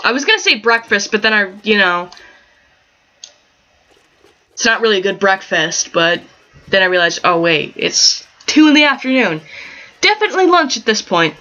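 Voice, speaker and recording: A gaming channel host gives casual let's-play commentary on a life-sim game, giggling often and rambling through chatty asides. Her medium-pitched voice is sing-song and sharp, at normal speed with long pauses, recorded on a dull lo-fi home mic.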